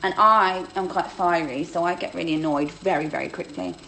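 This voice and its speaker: A woman, chatting casually on a phone livestream, reading out viewer questions and answering them with a self-deprecating, quick-to-laugh manner. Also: on the low side, sharp tone, slight background noise, poor audio. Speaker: host of a livestream Q&A.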